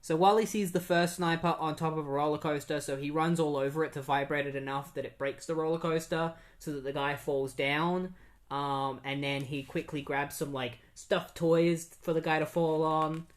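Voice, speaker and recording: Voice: mid-range voice, steady tone, moderate pace. Podcast host going over a comic issue, chatty, lots of ums. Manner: chatty, with many fillers. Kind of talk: casual comic book recap.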